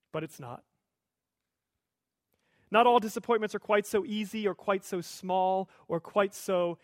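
A pastor preaching a sermon in a conversational, lightly humorous storytelling manner. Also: male voice, high-pitched, dry recording, studio quality.

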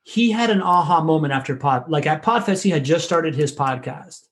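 Fast-rambling man, casual profanity. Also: a little high, animated. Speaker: podcast business consultant. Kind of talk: casual conversation.

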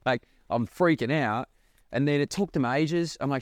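A man's voice: a little high, quick pace, dry recording. Young aussie guy rambling on his podcast, swears a lot, dry close sound. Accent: Australian. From Australia. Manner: animated, swears freely, lots of fillers. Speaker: podcast host. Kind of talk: casual rambling podcast monologue.

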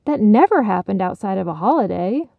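A woman's voice: mid-range voice, sing-song, fairly quick, vocal fry, dry recording, phone-quality sound. A woman voicing Heidi, a young female mouse who is eager and competitive, in a storybook reading.

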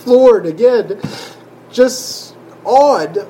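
A man sharing a personal faith testimony in an emotional, halting way, often restarting his sentences and sighing. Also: very high-pitched, animated, mellow, a little hiss or hum, poor audio. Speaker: church member sharing testimony.

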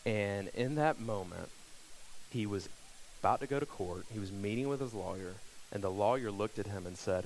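A man's voice: lowish voice, normal speed, a little mellow, a little hiss or hum, rough recording. A man preaching a sermon to his church, telling stories and building to fervent, emphatic appeals. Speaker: pastor.

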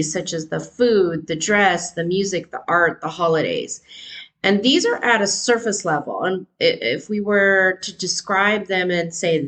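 A woman's voice: lowish voice, a bit bright, rough recording. A woman from California, a teacher hosting a solo podcast, talking casually and thinking aloud with frequent ums and rhetorical questions.

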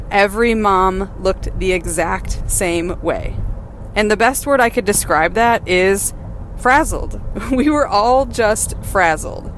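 A woman's voice: mid-range voice, slight background noise. A woman hosting a podcast, talking candidly and encouragingly from her car, laughing now and then. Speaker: podcast host and mother. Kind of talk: casual personal monologue. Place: in a car while driving.

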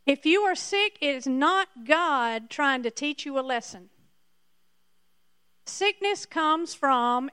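A woman's voice: sits high, lively intonation, unhurried, sharp tone, no echo, clean studio sound. A woman preacher giving a sermon emphatically, repeating her points to the congregation.

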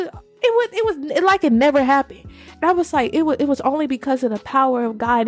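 Animated woman sharing a faith testimony. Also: high voice, brisk, faint music behind. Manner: animated, emphatic storytelling. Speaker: podcast co-host.

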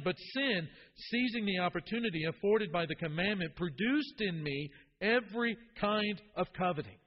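Earnest preacher man, husky voice. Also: high-pitched, animated, normal speed, in a large hall, dull audio. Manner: earnest, repeats words when stirred. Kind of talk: sermon.

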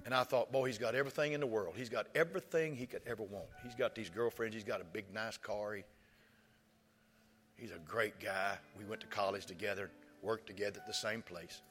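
Male preacher, bright and forceful, storytelling sermon, echoing church hall. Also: fairly low pitch, brisk. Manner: storytelling, rising to impassioned shouts. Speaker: pastor. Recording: reverberant church hall with soft music.

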